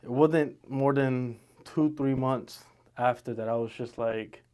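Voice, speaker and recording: A man's voice: mid-range voice, steady tone, slow, warm tone, clean tone. A man in his twenties from the Dominican Republic, co-hosting a casual podcast in a laid-back, joking way. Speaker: podcast co-host, realtor. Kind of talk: casual chat.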